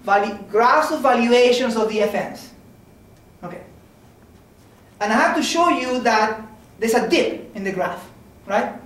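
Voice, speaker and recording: A man giving an informal mathematics seminar lecture, talking conversationally and often checking in with "okay?" and "right?". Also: very high-pitched. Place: lecture room. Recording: very echoey room from a distance.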